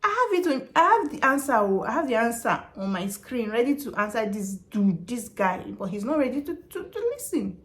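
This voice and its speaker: A woman's voice: a little high, sing-song, moderate pace, few pauses, a bit bright. Chatty woman. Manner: chatty and emphatic, repeats points. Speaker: vlogger and customer service worker. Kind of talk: casual advice vlog.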